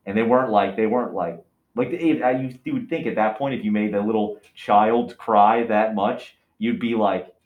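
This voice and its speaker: Man, very deep voice, casual excitable storytelling, roomy echoey recording. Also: normal speed, narrow, tinny audio. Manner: animated, excitable, lots of fillers and restarts. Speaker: podcast co-host telling a ghost story. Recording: roomy echo.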